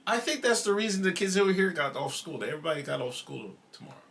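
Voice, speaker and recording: A man's voice: high voice, fast, vocal fry. Guy rambling on his stream, voice jumps all over, laughing a lot, faint hiss. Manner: animated storytelling with laughs; snacking and chewing while talking. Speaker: show host. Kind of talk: casual livestream chat.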